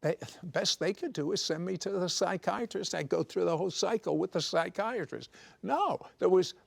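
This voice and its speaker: A man telling his life story in a studio interview, animated and teasing, with jokes slipped between serious moments. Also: high voice, normal speed, vocal fry. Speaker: guest telling his testimony. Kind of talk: conversational testimony. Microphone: clip-on microphone.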